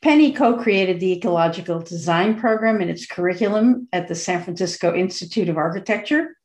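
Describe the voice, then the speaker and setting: A woman's voice: lowish voice, brisk, a little mellow. A middle-aged woman hosting a podcast, introducing her guest in an earnest, searching way, with fillers and restarts. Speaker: podcast host.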